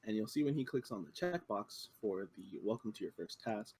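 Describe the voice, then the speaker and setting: A young man, a student presenter, walking through a software demo in an explanatory, halting way with frequent fillers. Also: fairly low pitch, animated, slightly rough, dry recording.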